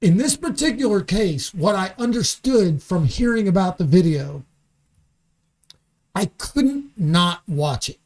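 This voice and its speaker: A man's voice: sits high, animated, unhurried, darkish tone. A man guesting on a studio podcast, speaking with heat and force. He leans hard on his words, swears freely and keeps pushing his point. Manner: heated, emphatic, swearing freely. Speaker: comedian guest. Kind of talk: podcast conversation.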